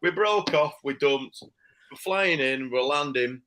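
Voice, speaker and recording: A man telling a casual anecdote, animated and laughing as he acts out the people he quotes. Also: fairly high pitch, slow pace, slight background noise, poor audio. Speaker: storyteller.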